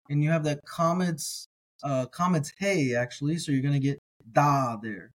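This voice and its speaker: A man teaching, sounding out words slowly with pauses and restarts, then explaining in a relaxed, chatty way. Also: fairly high pitch, poor audio. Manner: relaxed and chatty between readings. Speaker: Hebrew teacher. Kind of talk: slow word-by-word reading lesson.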